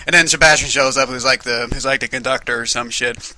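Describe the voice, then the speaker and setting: A man's voice: mid-range voice, fairly even intonation, a little fast, sharp tone, a little hiss or hum, low-quality recording. A man rambling through a crude, profane movie recap, full of "like" and swearing. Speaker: comedic film summarizer.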